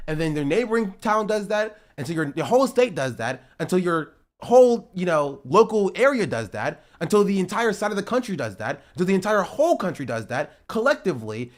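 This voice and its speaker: A streamer ranting at their live chat, lecturing in short repeated punchy phrases and swearing freely. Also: medium pitch. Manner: lecturing, repetitive, profane, punchy. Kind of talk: heated livestream rant at chat.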